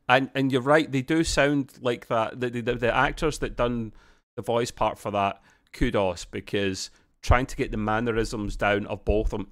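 A man's voice: medium pitch, fairly bright tone. A man co-hosting a podcast, rambling through a casual TV episode review with frequent restarts. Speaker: podcast co-host.

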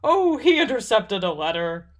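A woman's voice: on the high side, sing-song, a little slow, pitched above the performer's own voice. A woman voicing a tall, cheerful, absent-minded elf woman. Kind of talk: storybook character voice.

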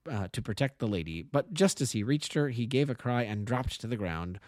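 Male amateur narrator, lively pitch, dry close sound, classic detective tale. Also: fairly quick, no room sound. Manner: steady storytelling with small slips and self-corrections. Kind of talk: reading a classic detective story aloud.

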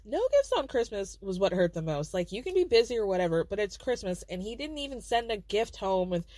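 A woman's voice: medium pitch, brisk, no echo. A woman hosting a podcast, recapping a reality show in casual, blunt, profane chat and acting out the people she quotes. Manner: blunt, profane, animated storytelling with quoted voices. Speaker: podcast host.

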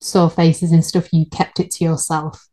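Chatty woman, lowish voice. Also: level tone, moderate pace, mellow. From United Kingdom. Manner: chatty, laughs at her own stumbles. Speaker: podcast co-host. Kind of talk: casual chat.

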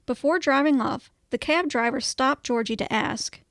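A woman podcast co-host reading a comic story aloud, animated and swearing casually. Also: high-pitched, moderate pace, no room sound, clean studio sound.

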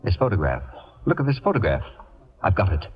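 A man's voice: deep voice, wildly swooping pitch, a little fast, slightly rough, lo-fi sound, exaggerated voice. An actor playing a pompous, acid-tongued older male radio celebrity in a 1940s radio play, with theatrical, mocking speech. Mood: gloating. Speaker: Sheridan Whiteside, lead role. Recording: scratchy 1940s radio broadcast with reverb.

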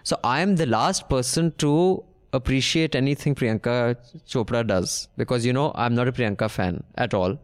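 A man's voice: medium pitch, normal speed. A man co-hosting a podcast in casual, opinionated chat. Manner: opinionated, talks over his co-host. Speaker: podcast co-host.

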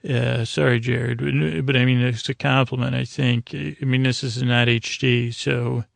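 A man's voice: medium pitch, flat delivery, a little slow, vocal fry, no echo. A man hosting a podcast, giving a casual, rambling recap of a TV episode, full of fillers and restarts. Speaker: podcast host.

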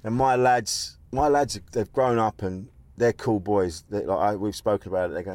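Very deep-voiced, blunt man. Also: normal speed, few pauses, a little mellow, no room sound. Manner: blunt, sweary, frank storyteller. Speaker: podcast host. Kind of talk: candid conversation. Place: car park.

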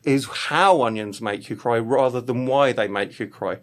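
A man co-hosting a children's comedy show, telling absurd stories in a deadpan way. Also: mid-range voice, normal speed. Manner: deadpan storytelling, acting out voices of rude onions. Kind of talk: silly improvised comic chat.

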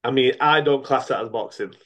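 A middle-aged former boxer who now coaches tells his story in a casual interview, speaking frankly and rambling loosely. His mid-pitched, fairly bright voice moves a little fast, and he often restarts sentences and leans on fillers.

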